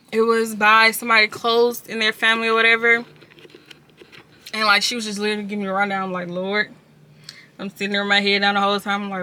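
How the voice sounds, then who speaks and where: A woman talks straight to her viewers in a personal confessional vlog, casual and candid. Her voice is bright and sits a little high. Her pitch stays fairly even from line to line. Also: clean tone. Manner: candid, casual storytelling, addresses viewers directly. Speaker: vlogger.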